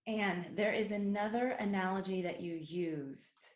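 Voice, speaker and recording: Woman, podcast host, mid pitch, earnest and chatty, roomy echo. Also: measured pace. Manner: earnest, chatty, shares family anecdotes. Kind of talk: casual podcast conversation.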